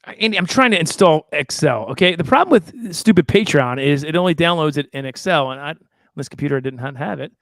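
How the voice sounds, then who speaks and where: A man's voice: a little high, animated, fast, dry recording, studio quality. A man co-hosting a casual livestream chat, flustered and muttering to himself while he fights with his computer. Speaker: co-host.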